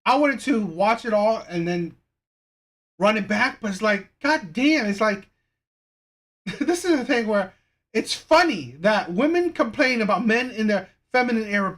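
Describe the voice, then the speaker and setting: A woman's voice: fairly high pitch, sing-song, moderate pace. A woman hosting a reaction channel, giving exasperated, critical commentary with many false starts.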